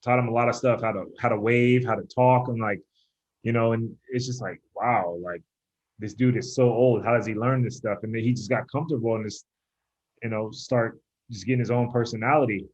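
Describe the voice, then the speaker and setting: A man's voice: medium pitch, steady tone, fairly quick. Young guy telling a long story, like like like, does little voices, dull lo-fi mic. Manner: rambling storyteller, heavy use of "like", acts out voices in quotes. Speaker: pro baseball pitcher, podcast guest. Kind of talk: casual chat.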